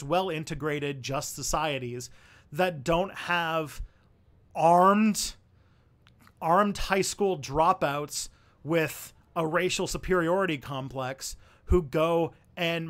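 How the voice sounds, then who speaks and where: Young man, casual livestream Q&A, rambling, fairly high voice, thinking aloud. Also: fairly bright tone. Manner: rambling and thinking aloud, with many fillers and restarts. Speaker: streamer answering viewer questions.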